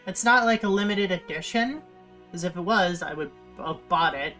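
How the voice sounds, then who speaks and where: A woman's voice: lowish voice, normal speed, a bit bright, soft background music. Rambling young woman streamer. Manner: rambling, many fillers and restarts. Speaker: livestreamer. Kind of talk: casual chat while streaming.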